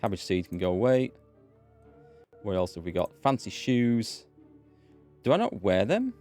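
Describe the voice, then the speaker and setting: Chatty low-voiced gamer. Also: male voice, very animated, a little slow, a little mellow, soft background music. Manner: chatty, rambling, wry asides. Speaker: let's play gamer. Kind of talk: casual gameplay commentary.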